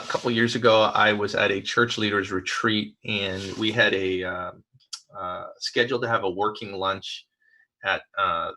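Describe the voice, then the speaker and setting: Speaking in a fairly low pitch, this pastor shares personal anecdotes in a sermon that feels like conversation. He's easygoing but hesitant, restarting often and leaning on fillers, and the audio is of low quality.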